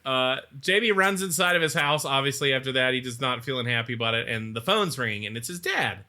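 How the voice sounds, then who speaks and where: A man co-hosting a podcast, casually retelling a movie's plot and acting out its lines in quick mock voices. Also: mid-range voice, expressive, pushed and bright. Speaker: podcast co-host. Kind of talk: casual movie recap chat.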